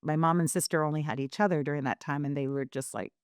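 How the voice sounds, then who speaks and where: A woman's voice: low-pitched, quick pace, no echo, studio quality. A woman guest on a podcast telling her story candidly, rambling with many fillers and restarts.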